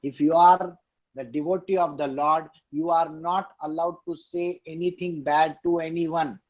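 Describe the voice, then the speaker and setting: A spiritual teacher speaks a little slowly in a steady, fairly high voice, the recording muffled as it comes through a video call. His scripture discourse is emphatic, full of repeated key lines and questions aimed at his listeners.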